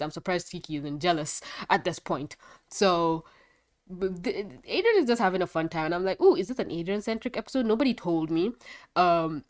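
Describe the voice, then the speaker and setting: A woman with a congested voice chatting through a casual video review, rambling and quick to laugh. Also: fairly low pitch. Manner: a bit foggy and scattered. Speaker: show reviewer.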